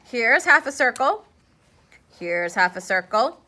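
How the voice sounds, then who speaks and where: Bright-voiced playful woman teaching a class. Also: a little high, big pitch swings, slow pace. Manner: chatty, playful, asks the class questions. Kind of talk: live classroom lesson.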